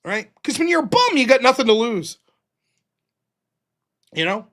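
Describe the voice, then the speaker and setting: American guy in his 40s, high bright voice, swears a ton, does the voices in his stories. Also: sing-song, normal speed, pauses often. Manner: profane, rowdy, acts out quoted voices. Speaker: show host. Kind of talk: casual storytelling monologue.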